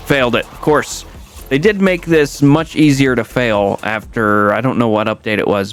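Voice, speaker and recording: A young man giving casual, rambling commentary over a car video game, correcting himself often and jumping up in pitch when something surprises him. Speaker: gaming YouTuber.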